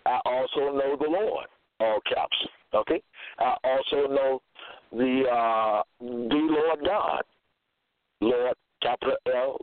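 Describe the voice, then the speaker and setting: A man giving a slow sermon, reading out scripture verses and checking in with "okay?". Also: medium pitch, no room sound. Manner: reads verses slowly, repeats "okay?". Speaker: preacher. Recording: tinny phone-line sound.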